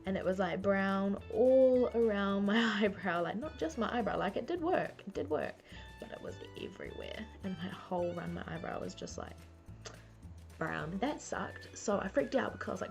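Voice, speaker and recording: A woman's voice: medium pitch, very animated, moderate pace, vocal fry, a little mellow, soft background music. A young woman telling funny stories to camera, chatty and self-mocking, full of "like". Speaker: beauty vlogger. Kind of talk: casual storytelling to camera. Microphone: camera mic.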